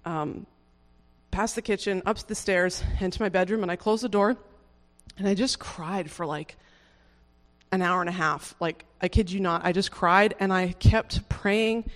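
This is a halting, earnest, informal conversion testimony, punctuated by frequent restarts, soft laughs, and fillers such as "like." A medium-pitched voice is followed by a lingering reverb tail.

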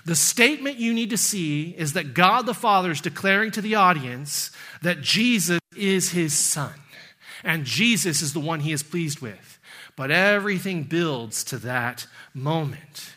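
A man preaching a sermon in a church, building up loud and high on scripture, then dropping low and soft at the ends of phrases. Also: lively intonation, measured pace. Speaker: pastor. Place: church sanctuary.

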